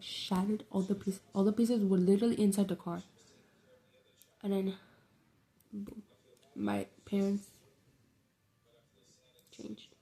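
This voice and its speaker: A woman's voice: medium pitch, mellow. A young woman telling a rambling, slangy, profane story in a casual vlog. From New York City. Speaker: vlogger.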